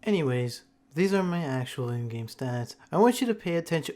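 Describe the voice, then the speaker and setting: A man's voice: on the high side, animated, brisk. A man narrating a game tutorial over gameplay, talking like a mock-serious schoolteacher and swearing freely. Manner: mock-serious teacher bit, swears often. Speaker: gaming tutorial creator.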